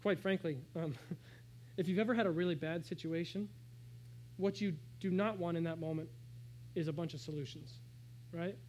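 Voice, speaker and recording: A man preaching a sermon, shifting between hushed, slow phrases and raised, emphatic calls. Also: a little high, slight background noise, poor audio. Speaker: pastor.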